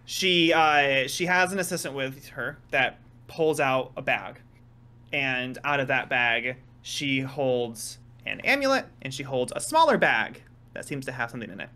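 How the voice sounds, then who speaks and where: A man's voice: mid-range voice, animated, measured pace, bright, forceful tone. A man narrating a tabletop role-playing game as game master, briefly slipping into the voices of the people in the scene.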